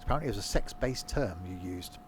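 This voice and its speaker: A man streams a train simulator game, offering casual gameplay commentary and joking around as he reads his viewers' chat messages. His fairly low voice is expressive and fast, with background noise present.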